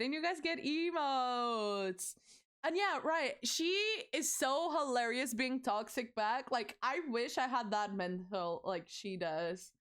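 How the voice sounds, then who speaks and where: A woman's voice: on the high side, fairly bright tone, clear, resonant tone. A young adult woman streamer chatting casually with her viewers, giggly and bubbly, swearing freely. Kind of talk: casual livestream chat with viewers.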